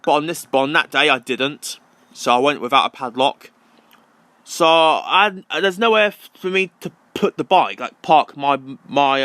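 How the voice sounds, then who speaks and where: A man's voice: fairly high pitch, sharp tone, dry recording. A young man ranting casually to camera, rambling and repeating himself with many ums. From London. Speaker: vlogger.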